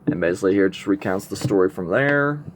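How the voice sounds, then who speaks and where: A man's voice: low-pitched, expressive, fast, slight background noise. A man casually reviewing a comic book, rambling with many fillers and restarts as he reads through it aloud.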